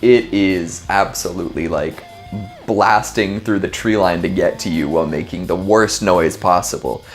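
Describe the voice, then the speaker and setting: A man with a somewhat low voice chats through scary clips in a loose, joking way. He rambles, piles up fillers and riffs on what he sees. Faint music plays underneath. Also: moderate pace. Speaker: video reaction host. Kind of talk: casual reaction commentary.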